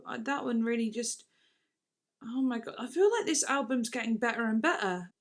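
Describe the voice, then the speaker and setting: A woman's voice: a little high, normal speed. A woman making a casual music reaction video, gushing, swearing now and then and reading lyrics aloud.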